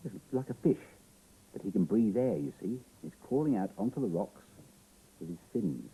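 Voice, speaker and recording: A middle-aged Australian man reads a picture book to small children, his low voice gravelly and a little husky. He plays it up with lively swoops, gasps and exclamations, keeping it playful throughout. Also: moderate pace, low-quality recording. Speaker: children's TV presenter.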